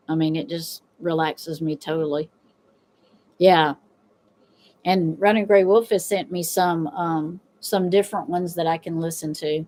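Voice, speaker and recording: A woman's voice: on the low side, darkish tone. Chatty middle-aged woman telling stories. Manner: rambling storytelling, laughing often. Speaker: tarot reader and host. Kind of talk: casual livestream chat.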